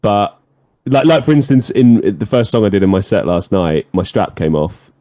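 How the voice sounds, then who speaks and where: A man's voice: fairly low pitch, normal speed, no room sound, studio quality. A man hosting a podcast, telling stories in casual chat with plenty of swearing and laughter. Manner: animated storyteller, swears freely, laughs often. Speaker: podcast host.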